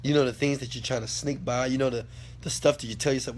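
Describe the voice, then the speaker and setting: A man giving an impassioned motivational talk, preachy and repetitive, swearing at times, his volume swinging from quiet to loud. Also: medium pitch, fairly even intonation, quick pace, slight background noise. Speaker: motivational speaker answering a question.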